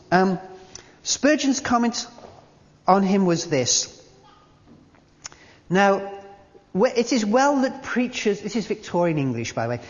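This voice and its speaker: A preacher giving a sermon at a church service, telling a story in an animated way and then speaking quietly and intimately. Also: medium pitch. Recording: long church reverb, dull lo-fi sound.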